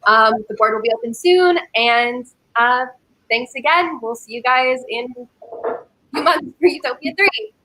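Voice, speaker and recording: A woman host reads out final votes one at a time, pausing to build suspense. Her voice is bright and a little high, heard over a video call. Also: low-quality recording. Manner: measured, suspenseful vote reading. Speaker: game host reading votes. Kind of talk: announcing results.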